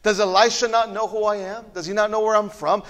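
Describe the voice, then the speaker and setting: A haughty army commander, scornful and demanding, as a preacher acts him out. His voice sits high and echoes with a long hall reverb. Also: level tone, a little fast, a bit bright. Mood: indignant. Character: proud, indignant foreign army commander, adult man.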